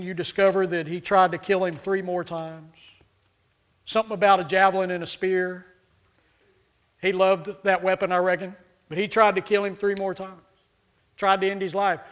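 Man, preacher, high-pitched voice, fervent sermon, loud emphatic peaks, acted-out quotes. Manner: fervent, rises to loud emphatic peaks then drops low; acts out scripture characters in quoted voices.

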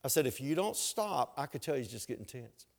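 A man's voice: medium pitch, sing-song, a little fast, vocal fry. A man preaching a sermon, telling stories with humor and asking the congregation if they follow. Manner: storytelling with humor and asides to the congregation. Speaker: pastor.

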